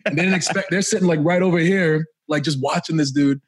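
A man chats on a podcast from his home studio and tells stories with lots of energy and fillers. His voice sits a little high for a man. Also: quick pace. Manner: laughing, storytelling, excitable. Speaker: podcast co-host. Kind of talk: casual chat.

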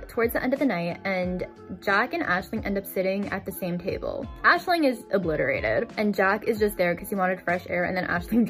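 A woman giving a casual, chatty storytime recap of a novel, filling her talk with "like". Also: mid-range voice. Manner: chatty, fills with "like". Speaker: book vlogger. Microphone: desk microphone.

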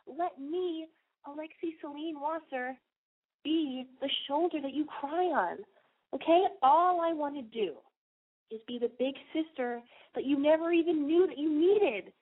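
A woman's voice: high-pitched, a little slow. Sniffly, crude young woman podcast host. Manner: crude, rambling, lots of "like" and swearing. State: congested, sniffly and nasal from a cold. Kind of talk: brash confessional monologue. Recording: tinny phone-like audio.

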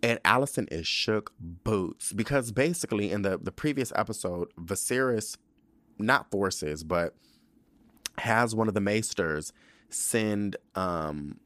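A young man hosting a podcast, recapping a TV episode in a sassy, profane, animated way and slipping into quick voices for the characters. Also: fairly low pitch, no room sound. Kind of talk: casual recap monologue.

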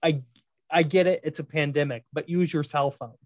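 Opinionated co-host, lots of fillers, dry close mic, mid pitch. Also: normal speed, no echo. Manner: animated, opinionated, many fillers. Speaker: podcast co-host. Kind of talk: casual chat.

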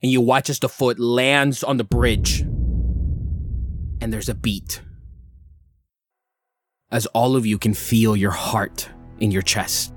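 A man narrating a tabletop game as game master, slowly describing the scene with many hedging "sort of"s. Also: mid-range voice, fairly even intonation, a little hiss or hum.

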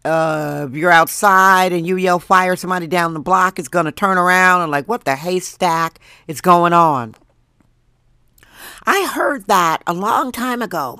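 Woman podcast host from Wisconsin, hoarse from a lost voice, slow and self-mocking, recorded dry at home. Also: on the low side, lively intonation, bright, forceful tone, no echo. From Wisconsin, USA. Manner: chatty, jokey, laughs at herself. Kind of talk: casual solo monologue.

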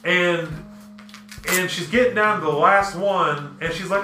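A man hosting a casual podcast, telling stories in an animated, profane way and breaking into rants. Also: high voice, unhurried. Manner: animated, profane storytelling and ranting. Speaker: podcast host. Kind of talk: casual chat. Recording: echoey room with music underneath.

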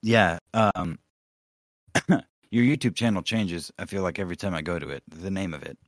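Man, podcast co-host, casual rant, swearing, low voice, dry close sound. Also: moderate pace, fairly bright tone, dry recording. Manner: profane, rambling rants.

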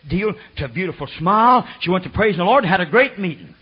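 An older man preaching a sermon, rambling and folksy, swinging from low murmurs to high shouted bursts. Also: lively intonation, fast, husky. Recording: dull lo-fi sermon recording.

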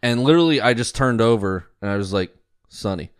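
A man's voice: medium pitch, expressive, fast, clean tone, dry recording, clean studio sound. A man co-hosting a comedy podcast, telling a rambling anecdote in casual chat, full of fillers, laughing at his own story. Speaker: podcast co-host.

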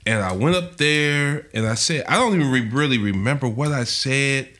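A comedian on a podcast telling stories about his shows in casual banter, animated and quick to sing or jump in. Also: medium pitch. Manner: animated, jumps in and sings along.

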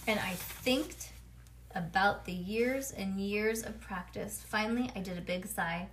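A woman's voice: mid-range voice, a little slow, a little hiss or hum. A woman reading a children's storybook aloud to her child, with chatty asides between pages. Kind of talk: bedtime read-aloud.

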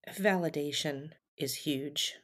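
A woman hosting a podcast interview, asking gentle, validating questions. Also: deep voice, takes it slowly.

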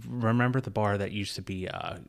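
A man's voice: fairly low pitch, fairly quick, gravelly. A man telling a rambling, profane bar story in casual podcast chat, laughing often.

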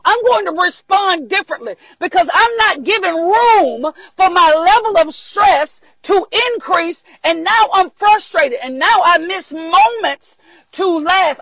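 An older woman preaching a motivational message, emphatic and repetitive, often rising into shouts. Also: very high-pitched, creaky, dry recording, low-quality recording.

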